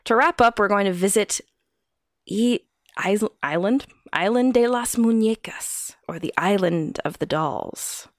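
A woman's voice: medium pitch, a little slow, no echo, studio quality. A woman co-hosting a casual podcast, telling eerie stories with frequent laughs. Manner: giggly, storytelling. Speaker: podcast co-host. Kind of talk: casual chat.

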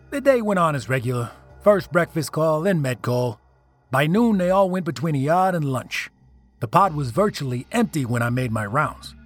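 A man narrates a scripted first-person horror story in a slightly raised voice. He builds drama and leans into the tense beats. Soft music plays quietly behind him. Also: fairly high pitch.

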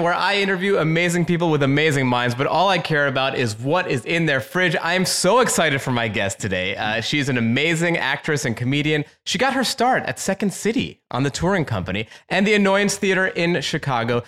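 A man's voice: a little high, a bit bright. A man hosting an interview show, upbeat and joking, often laughing. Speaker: podcast host. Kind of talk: casual interview chat.

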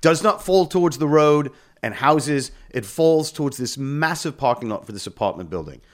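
A man's voice: on the high side, expressive, moderate pace. A man co-hosting a podcast, chatting casually and telling anecdotes with easy laughter. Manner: chatty, laughs easily, tells neighborhood anecdotes. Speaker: podcast co-host. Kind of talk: casual chat.

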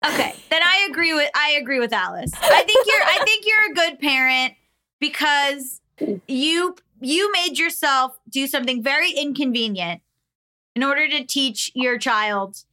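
A woman co-hosting a podcast, animated and quick to react. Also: sits high. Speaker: podcast co-host. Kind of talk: casual podcast chat.

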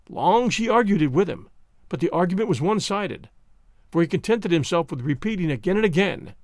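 A man narrating a novel as an expressive, dramatic audiobook reading. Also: on the high side, a little fast, gravelly, no echo, clean studio sound.

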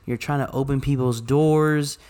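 A man's voice: medium pitch, a little slow. Man from Arizona telling a wild story. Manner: animated retelling with lots of quoted dialogue and swearing. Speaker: podcast co-host. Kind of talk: casual storytelling chat.

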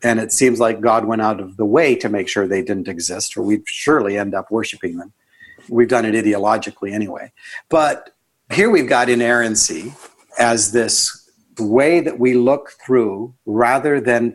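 At a moderate pace, the guest author answers the podcast interview in an earnest, reflective manner, now and then jumping higher in pitch to stress a point.

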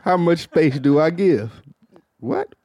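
A man hosting a podcast, chatting casually with crude, animated storytelling. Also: a little high, takes it slowly, vocal fry, no room sound, clean studio sound. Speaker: podcast host. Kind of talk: casual comedic chat.

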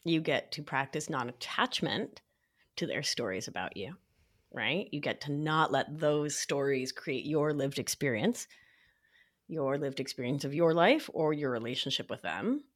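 A woman talking as a podcast guest in casual chat, playful and animated, with lots of fillers and sudden high sing-song asides. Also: a little slow. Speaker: podcast guest, nurse practitioner.

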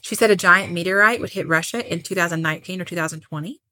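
A woman's voice: on the low side, fast, pushed and bright. A woman co-hosting a casual podcast, reading out a list of predictions with wry asides. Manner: chatty, reads out lists with wry asides. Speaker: podcast co-host.

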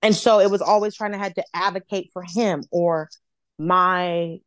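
A woman from Atlanta, a comedian guest, telling a story in casual chat, animated and profane, acting out other people's voices. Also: lowish voice, normal speed, dry recording. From Atlanta, United States.

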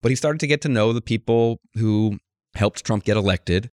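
A man with a fairly low voice, recorded close and dry with no room sound. He talks casually as a guest, telling an animated story and acting out the quotes of the people in it. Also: normal speed, dry recording. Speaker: guest author, political journalist. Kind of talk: conversational interview.

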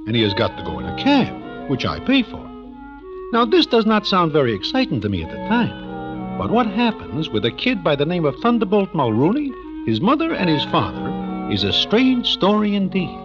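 A wry deadpan Broadway narrator. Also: male voice, high voice, normal speed. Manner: deadpan present-tense Runyon narration. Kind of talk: 1940s radio acting. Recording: dull old radio recording with music.

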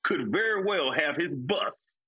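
A man's voice: a little high, expressive, measured pace, breathy edge, dull audio. A man co-hosting a casual sports podcast, talking emphatically and repeating his points. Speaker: podcast co-host, former football player.

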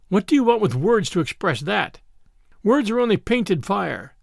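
A man gives a dramatic audiobook reading, his gravelly voice pitched high for a man. The sound is dry and close, with no room around it. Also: sing-song, moderate pace, dry recording. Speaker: audiobook narrator and podcast host.

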